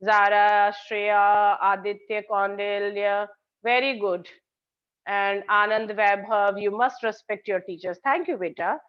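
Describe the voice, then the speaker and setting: Slow woman teaching online. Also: medium pitch. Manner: patient, explains by repeating examples and praising students. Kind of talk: online English grammar class. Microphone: video call. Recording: dull lo-fi call audio.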